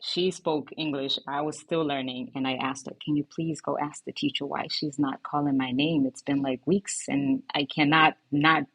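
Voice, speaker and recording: A woman from Cape Verde, whose first language is Cape Verdean Creole, talks in a low, husky voice. She hosts a casual podcast and tells her stories with animated, acted-out dialogue. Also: normal speed, few pauses. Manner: animated storyteller acting out quoted voices. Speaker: podcast co-founder and host.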